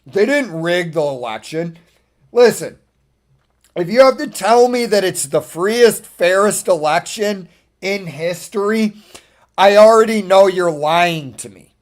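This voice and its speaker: A man's voice: high voice, lively intonation, unhurried. A man talking casually as a streamer, ranting in a profane, exasperated way and laughing often.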